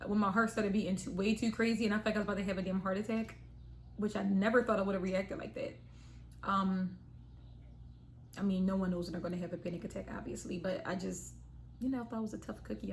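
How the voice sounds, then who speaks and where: A young woman recounts a personal story straight to camera in a loose, chatty way. She slips into little performed quotes of herself and her family, which keeps her delivery lively. A faint hiss sits under the recording. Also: mid-range voice. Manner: animated, acts out quotes of herself and her sister. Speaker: vlogger.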